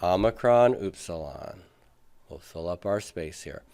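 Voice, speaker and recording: A man lecturing to a classroom at an unhurried, deliberate pace. His voice sits low, and he thinks aloud with plenty of fillers while quizzing his students. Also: lively intonation, darkish tone. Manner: patient, thinks aloud with many fillers, asks students questions. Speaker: Greek teacher.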